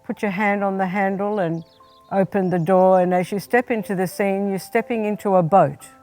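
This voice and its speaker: A woman, a spiritual director, gently leading a guided prayer meditation and speaking straight to the listener. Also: medium pitch, fairly even intonation, soft background music. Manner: gentle, unhurried, second-person guidance.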